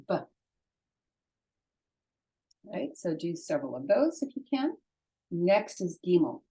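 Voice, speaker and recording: Woman, lower voice, very slow pace, patient step-by-step teaching of letter writing. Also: warm tone, rough recording. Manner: patient, slow, demonstrating each stroke. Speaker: Hebrew teacher.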